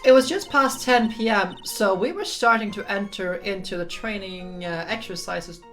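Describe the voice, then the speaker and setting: A woman's voice: mid-range voice, normal speed, soft background music, natural voice. Woman putting on a hearty older nun. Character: chatty older nun with a bad back, jolly and teasing. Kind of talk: dramatic reading of game dialogue.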